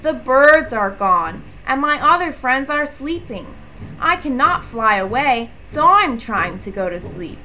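A woman's voice: high-pitched, sing-song, a little slow, pushed and bright, a little hiss or hum, heavily acted. A woman voicing a curious, childlike little moose calf who asks wondering questions in a storybook. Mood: questioning.

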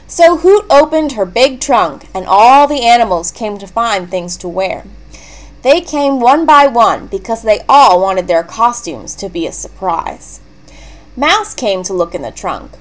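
A woman reading a children's picture book aloud in a gentle, expressive storytelling manner. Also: on the high side, poor audio. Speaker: storybook reader.

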